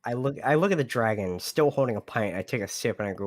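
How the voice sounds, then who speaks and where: A man's voice: medium pitch, lively intonation, fast talker, a little hiss or hum. A man playing a tabletop game over a voice call, blunt and crude in how he talks. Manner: blunt, crude, swears freely. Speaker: player. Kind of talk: tabletop role-play.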